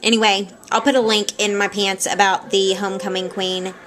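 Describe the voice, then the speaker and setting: Rambling, animated woman vlogger. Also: medium pitch. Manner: rambling, animated, quick to laugh. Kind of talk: casual storytelling vlog. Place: at home indoors. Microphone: handheld camera at arm's length.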